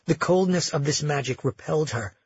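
A male audiobook narrator telling the story in a measured, dramatic way. His voice is husky and a little high. The recording is dry and dull, with a lo-fi sound. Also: a little mellow, dry recording.

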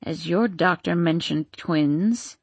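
A woman narrator puts on a croaking old crone who reads fortunes, low and gravelly with a husky, breathy edge. She speaks slowly and grimly, like a storybook witch. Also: no echo, full character voice. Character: grim old female fortune-teller, croaking.

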